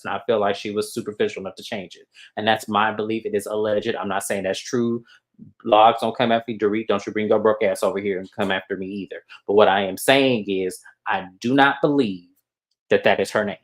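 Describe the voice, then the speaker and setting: A man co-hosting a casual gossip show about reality TV, talking bluntly and with lots of profanity. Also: on the low side. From California. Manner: blunt, profane, animated asides. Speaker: co-host.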